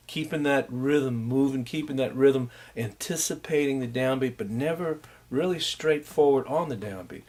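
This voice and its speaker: A man's voice: mid-range voice, darkish tone. A man teaching a music class, loosely explaining jazz rhythm and scatting and humming the patterns to demonstrate. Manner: scats and hums rhythms to demonstrate; unhurried, loose, with many fillers. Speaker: music instructor. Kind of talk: recorded lecture.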